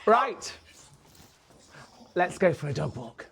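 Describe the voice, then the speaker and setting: Lively chatty vlogger. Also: takes it slowly, creaky, very noisy. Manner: chatty, breaks into high sing-song baby talk with the dogs. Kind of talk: casual vlog narration. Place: a house and snowy fields outdoors.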